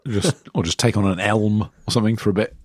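Guy, husky, deadpan one-liners, dry close sound. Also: fairly low pitch, no room sound. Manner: dry, quick-witted quips. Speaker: podcast co-host. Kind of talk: casual comedic chat. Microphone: video call.

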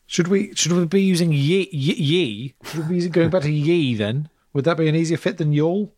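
A man's voice: a little high, normal speed, a little mellow, no room sound. A British man co-hosting a podcast in casual chat, with a dry, word-playing wit. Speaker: podcast host.

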